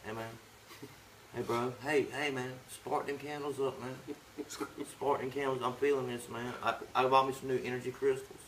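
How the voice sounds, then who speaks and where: A man impersonating a mellow hippie male bandmate, talking slowly and dreamily. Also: mid-range voice, flat delivery, far from the mic, slight background noise, lightly acted, poor audio. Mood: dreamy. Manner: slow, laid-back, dreamy.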